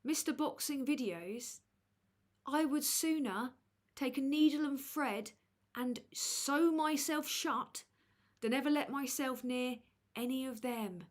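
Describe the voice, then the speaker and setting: Slow-talking crude woman streamer. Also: sits high. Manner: crude, sardonic, roasting. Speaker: livestream host. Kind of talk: casual livestream chat reading super chats.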